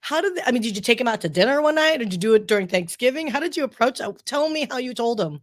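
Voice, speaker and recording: A woman's voice: fairly high pitch, expressive, quick pace. A woman hosting a podcast interview, asking long, rambling questions in a bubbly, laughing manner. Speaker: podcast host. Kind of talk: casual interview chat.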